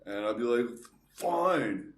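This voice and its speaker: A man's voice: mid-range voice, animated, slow pace, a little hiss or hum. A man co-hosting a comedy podcast, chatting in a laid-back, joking way and quoting people in his stories. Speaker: podcast co-host. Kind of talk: casual comedic chat. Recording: roomy sound.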